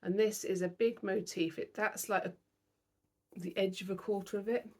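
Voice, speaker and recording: A woman's voice: medium pitch, steady tone, normal speed, darkish tone. A tired young British woman vlogging about her cross-stitch, chatty and self-deprecating. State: tired, yawning. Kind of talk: casual chat to camera.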